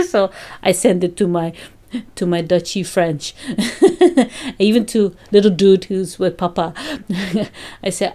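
A woman's voice: medium pitch, slow, warm tone. A woman vlogger chatting casually to her fans, laughing often as she tells a story. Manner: laughs often, breaks off and restarts.

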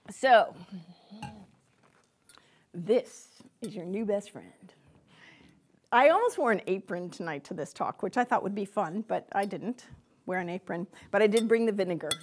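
A woman delivers a lecture to a live audience, chatty and animated in tone. She speaks as a psychic medium and addresses her listeners directly, often breaking into laughter. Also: mid-range voice.

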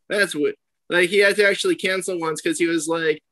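A man's voice: on the high side, fairly even intonation, brisk, a bit bright, no echo, rough recording. A young man, a comedian, chatting casually on a podcast and telling stories with laughs, acting out his own reactions. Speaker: comedian guest.

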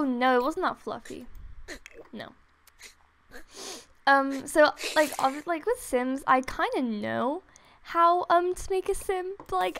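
Young woman gamer, high gravelly voice, unhurried, gushing and gasping over a game. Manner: gushing, gasping and laughing, near tears with excitement. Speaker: gaming vlogger. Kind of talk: excited gameplay commentary. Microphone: desktop USB microphone.

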